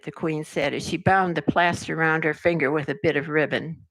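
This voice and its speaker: An older woman reading a children's story aloud, narrating in an expressive, measured way. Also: low-pitched, dry recording. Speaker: resident reader.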